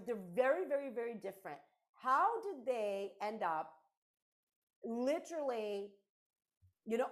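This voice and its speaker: A middle-aged woman talking as a podcast guest and mentor, in an emphatic, conversational way that repeats key phrases. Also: on the high side.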